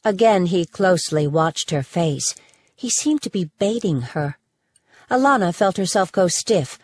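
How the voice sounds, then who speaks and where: A woman narrating an audiobook in a measured, even storytelling manner into a close mic. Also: on the low side, breathy edge.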